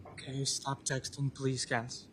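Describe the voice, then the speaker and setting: A young man on the witness stand answers in short, subdued phrases. His delivery is flat, with little rise and fall in pitch. Faint noise sits under his voice. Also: unhurried. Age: young adult. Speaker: defendant testifying. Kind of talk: witness testimony. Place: courtroom.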